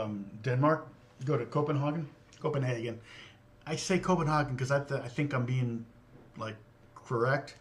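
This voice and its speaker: A man's voice: medium pitch, bright, forceful tone. A middle-aged man from Indiana hosting a livestream in casual chat, rambling and answering viewer comments with frequent chuckles. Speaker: livestream host.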